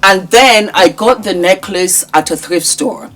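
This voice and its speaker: A woman hosting a casual vlog, talking to her viewers in an affectionate, animated way and sometimes singing a word. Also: medium pitch, measured pace. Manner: affectionate, animated, sings words at times. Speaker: vlogger host.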